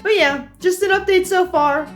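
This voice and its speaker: A young woman casually chatting in a home-project vlog, excitable and a little sweary, often trailing off mid-sentence. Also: very high voice, normal speed, soft background music. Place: house indoors.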